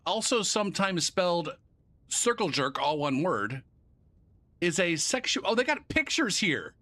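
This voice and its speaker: A man streaming a game live, talking casually in a rambling, joking way with plenty of swearing. His voice sits a bit high for a man and sounds bright and forceful. He narrates each step of what he clicks. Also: big pitch swings, measured pace.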